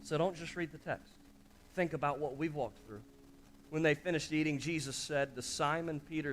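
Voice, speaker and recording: A man's voice: fairly high pitch, normal speed, fairly bright tone. A male pastor preaching an impassioned sermon, often calling out to the congregation.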